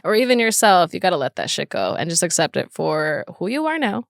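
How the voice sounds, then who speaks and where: A woman's voice: on the low side, very animated, fairly quick, vocal fry, no room sound, clean studio sound. A woman hosting a podcast in casual chat. She talks expressively, swears freely and laughs often while drinking whiskey. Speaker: podcast host.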